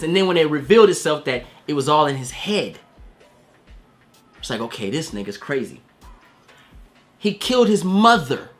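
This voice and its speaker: A man's voice: a little high, sing-song, normal speed, long pauses, soft background music. A man giving a casual spoiler movie review, slangy and profane, acting out quoted voices.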